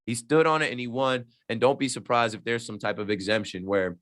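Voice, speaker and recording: A New Jersey shore man who works in sports radio is heard in relaxed podcast talk, his medium-pitched voice running a little fast. He's emphatic throughout, voicing the quoted back-and-forths with plenty of life.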